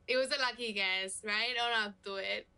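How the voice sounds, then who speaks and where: A woman's voice: medium pitch, steady tone, normal speed, pushed and bright, smooth. An actress playing a playful young woman from Granada with a Spanish accent, teasing her video date. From Granada, Spain. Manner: teasing, playful, laughs often. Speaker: date in a video dating game.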